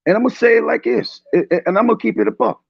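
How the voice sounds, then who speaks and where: Heated man in his fifties, gravelly, high voice, dry close sound, lo-fi stream. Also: racing, no echo. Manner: preachy, confrontational, shouting at times. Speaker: panel speaker. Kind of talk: heated online discussion. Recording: dull lo-fi stream audio.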